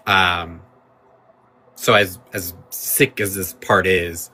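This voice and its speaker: Very deep, flat-voiced man livestreaming. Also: slow pace, husky. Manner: rambling, thanks viewers for gifts while a clip plays. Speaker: livestream host. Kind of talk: casual livestream commentary.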